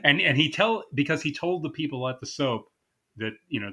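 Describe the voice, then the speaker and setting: Lively man chatting about movies. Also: fairly high pitch, a little fast, breathy edge. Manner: animated, acts out movie lines in put-on voices. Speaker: podcast co-host. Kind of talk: casual chat.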